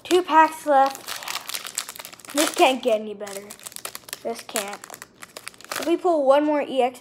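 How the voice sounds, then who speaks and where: An excitable woman unboxing trading cards, her high voice running unhurried as she names each card. She gushes over the rare pulls, and faint hiss sits under the camera-mic sound with wrappers crinkling nearby. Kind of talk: casual unboxing commentary.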